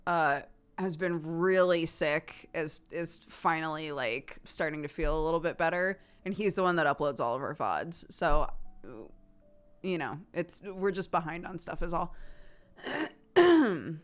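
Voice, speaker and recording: A woman's voice: low voice, normal speed, clean tone. A woman livestreamer chatting casually with her viewers, teasing and self-mocking and laughing often.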